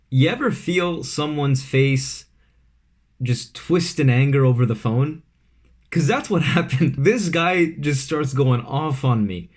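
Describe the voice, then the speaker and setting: A man's voice: mid-range voice, lively intonation, a little slow. A young man from Vancouver, telling a casual storytime at home, full of fillers and asides. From Vancouver, Canada. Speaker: vlogger. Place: his room at home.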